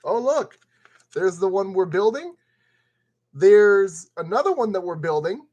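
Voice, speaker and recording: A man's voice: high voice, sing-song, measured pace, darkish tone, dull audio. A man building a model kit and commenting casually as he works, playfully talking to the parts. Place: at a work table.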